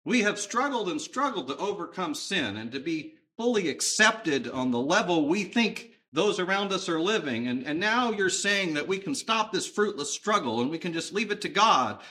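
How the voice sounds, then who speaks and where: A man's voice: high-pitched, big pitch swings, normal speed, hardly any pauses, bright, forceful tone, voice pushed up, exaggerated voice. A man preaching voices a grown male convert, pleading and earnest, as if weary of struggling against sin.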